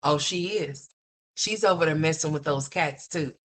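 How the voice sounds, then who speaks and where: Low-voiced woman ranting, blunt and scolding. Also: normal speed. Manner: blunt, scolding, profane, mocking; mimics others in a higher voice. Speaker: commentary streamer. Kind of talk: ranting commentary livestream.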